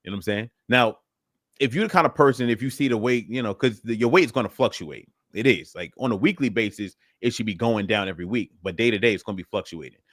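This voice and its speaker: A man's voice: fairly low pitch, quick pace, fairly bright tone, no echo, studio quality. A man hosting a live fitness Q and A, talking casually and filling his speech with "you know what I'm saying". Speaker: fitness host answering live questions. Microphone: livestream setup.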